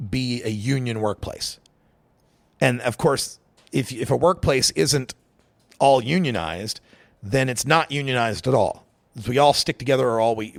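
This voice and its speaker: A man's voice: medium pitch, no room sound. A middle-aged man from Idaho, hosting a talk radio show and giving emphatic, opinionated political commentary with sarcastic asides.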